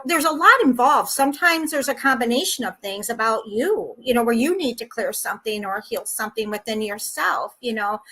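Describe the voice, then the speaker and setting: A woman's voice: fairly high pitch, bright, forceful tone, low-quality recording. A woman hosting a talk show, affirming her guest often and rambling with many "you know"s. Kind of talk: casual interview talk.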